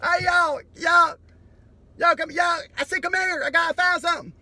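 A man doing a shrieking, excited future creature. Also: normal speed, dry recording, heavily acted. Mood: excited amazed. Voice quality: high shouting, profane. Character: excitable future creature finding old remains.

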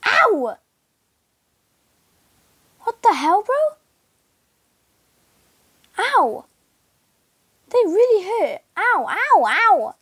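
High-voiced excitable woman gaming. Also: drawn-out words, long pauses, dry recording, clean studio sound. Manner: excitable, calls out and yelps while playing. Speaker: gameplay video host. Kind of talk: casual game commentary. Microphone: screen recorder mic.

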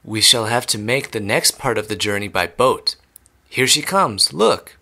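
A man's voice: on the low side, animated, creaky, bright, forceful tone, full character voice. Man doing a gleeful eccentric Willy Wonka. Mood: excited. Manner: exclamatory, hurried and gleeful. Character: eccentric excitable male chocolate maker.

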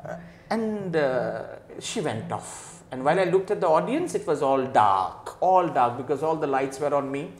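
Animated Indian English man telling a story. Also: fairly high pitch, normal speed, echoey room. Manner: animated, acts out quoted people, mixes in Hindi phrases. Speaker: faculty development trainer, guest. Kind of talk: casual storytelling in conversation.

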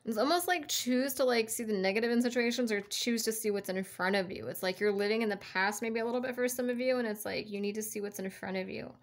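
A woman's voice: fairly high pitch, fast, few pauses. A woman giving a casual tarot reading, chatty and encouraging, rambling with lots of fillers and restarts. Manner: chatty and encouraging, laughs between thoughts. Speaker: tarot card reader.

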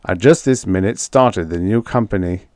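A man's voice: deep voice, normal speed, a little mellow, no room sound, clean studio sound, lightly acted. A man voicing a glib young TV producer who talks in an airy, wisecracking way. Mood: breezy.

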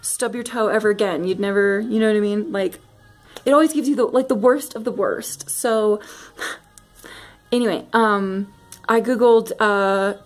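A young woman vlogging a casual rant to camera at home, animated and giggly with lots of fillers. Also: medium pitch, a little slow, faint music behind. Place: home, near bathroom.

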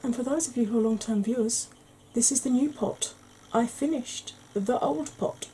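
A woman hosting a soft-spoken ASMR makeup tutorial, chatty and rambling with wry humour, tired from lack of sleep. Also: a little high, normal speed, slight background noise, poor audio. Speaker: beauty channel host.

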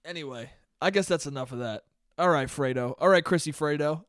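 A man's voice: fairly high pitch, brisk, dry recording. A man hosting a casual solo podcast, ranting with frequent laughter and casual swearing. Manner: laughs often, swears freely, animated. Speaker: podcast host.

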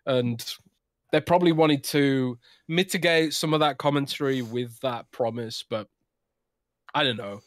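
A man co-hosting a podcast, talking in a relaxed, musing way and laughing easily. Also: mid-range voice, unhurried, no echo, clean studio sound. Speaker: podcast co-host. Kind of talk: casual podcast chat.

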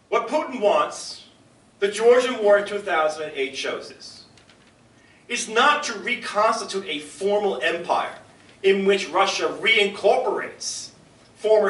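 Older male lecturer, emphatic, bright edgy tone, roomy distant sound. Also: fairly high pitch. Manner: emphatic, rhetorical questions and asides to the audience. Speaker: professor giving a public lecture. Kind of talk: public lecture. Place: lecture room with an audience. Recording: echoey lecture hall from far off.

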